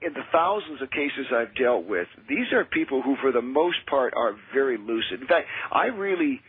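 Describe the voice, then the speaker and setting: A man who is a minister and exorcist, telling his experiences in an earnest, measured way as a radio interview guest. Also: mid-range voice, very animated, husky, no room sound. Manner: earnest, measured, with frequent restarts. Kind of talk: radio interview, personal storytelling. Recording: tinny dry phone line.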